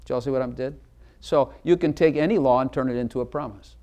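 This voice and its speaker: A man's voice: mid-range voice, fast talker, warm tone. Guy preaching in church, punchy delivery, keeps quizzing the people in the pews. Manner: emphatic, asks the congregation questions directly. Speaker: pastor. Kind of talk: sermon.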